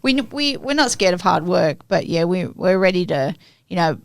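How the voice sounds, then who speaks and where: A woman's voice: fairly low pitch, expressive, normal speed, no room sound, studio quality. An Australian woman chatting casually as a guest on a podcast. She laughs often and repeats words as she gets going. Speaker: guest, small business owner.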